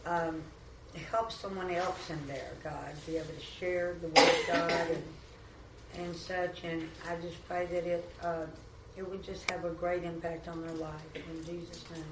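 A woman with a very low, flat voice prays aloud, soft and halting. She is caught from a distant mic in an echoey room. Clear background noise runs under her voice. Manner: soft, halting prayer with repeats and fillers. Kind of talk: spoken prayer.

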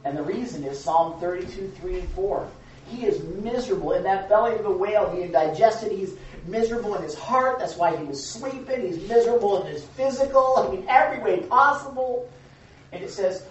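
A man's voice: high-pitched, animated, normal speed, slight background noise. A man preaching an informal sermon, telling stories dramatically and checking in with his listeners in a conversational way. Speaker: preacher, Bible teacher. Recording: echoey, distant, dull room recording.

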